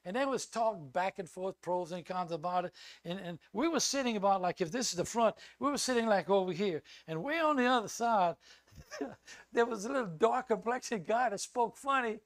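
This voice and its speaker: An older man with a notably high voice preaches as a guest speaker. He tells personal stories and acts out the quoted lines loudly. The sound is close and dry, with no room echo. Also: normal speed. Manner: animated storyteller who acts out loud quoted lines. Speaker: visiting preacher. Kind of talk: sermon with personal storytelling.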